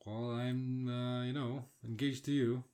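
A man in his thirties with a Polish accent, co-hosting a casual podcast chat in a laid-back way, often trailing off quietly. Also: medium pitch, level tone, measured pace. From Poland. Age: 30s. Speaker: podcast co-host.

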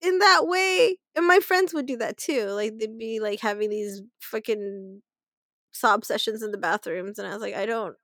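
Woman, late 30s, blunt casual chatter, slightly high, dry close mic. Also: normal speed, fairly bright tone, no room sound. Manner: blunt, laughing, swearing. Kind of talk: casual chat.

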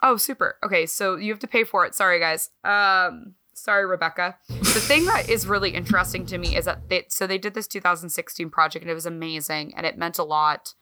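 A woman co-hosting a podcast in casual chat, talking in an animated, swearing, self-mocking way. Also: fairly low pitch, brisk, slight background noise. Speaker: podcast co-host.

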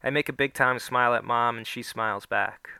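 A man's voice: steady tone, brisk, creaky, bright, forceful tone, clean tone, no echo. Man reading a first-person story. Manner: voices the characters with small pitch shifts. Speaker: narrator.

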